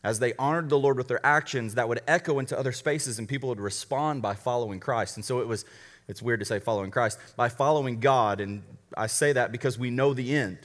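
A college pastor delivers a sermon to a live church audience in a mid-range, brisk, slightly bright voice. He talks conversationally, often restarting sentences and slipping in jokes, and the recording carries a long hall reverb.

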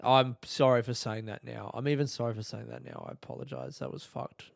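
A man's voice: mid-range voice, steady tone, a little fast, creaky, no room sound, clean studio sound. A man, a comedian, talking on his own podcast, rambling and swearing and laughing at his own jokes. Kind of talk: solo podcast monologue.

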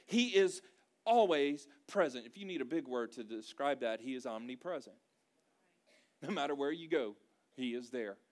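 A man's voice: medium pitch, lively intonation, moderate pace. A man preaching a sermon to a congregation in a church, with a conversational style and emphatic repeated phrases. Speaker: pastor.

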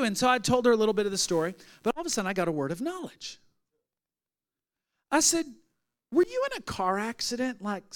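A man preaching from the pulpit with a notably high voice. He tells stories in an animated way, rising into loud, energetic bursts and then dropping to a hushed, close retelling. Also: smooth. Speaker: pastor. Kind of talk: sermon with storytelling.

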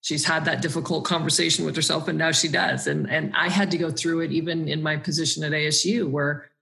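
A woman's voice: sits low, level tone, quick pace, vocal fry, a bit bright. A woman guest on an interview podcast, talking earnestly and reflectively about her own experiences.

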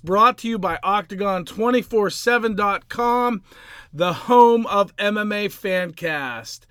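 A man's voice: high-pitched, a little slow, clean tone, no room sound. A man hosting a podcast, hyping the intro and then chatting casually with his co-host. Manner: energetic announcer-style intro, then relaxed.

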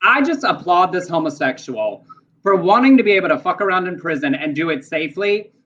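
A man co-hosting a podcast, chatting about the news in a campy, playful way with quick asides. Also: sits high, sing-song, a bit bright. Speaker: podcast co-host. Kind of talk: casual news chat. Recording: dull lo-fi sound.

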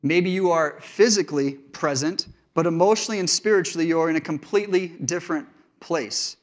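A man's voice: fairly high pitch, a little fast. A male pastor giving a sermon, telling stories from his family life in an earnest, conversational way.

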